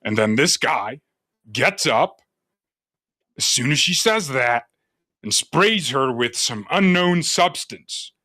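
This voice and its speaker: Male commentary host, mocking and theatrical, bright dry voice. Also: mid-range voice, lively intonation, slow pace, pauses often, no room sound. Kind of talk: sarcastic political commentary.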